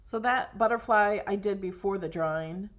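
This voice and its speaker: A woman's voice: mid-range voice, normal speed. A woman hosting a casual crafting tutorial, chatting and thinking aloud as she browses designs, sometimes dropping to a whisper over things she likes.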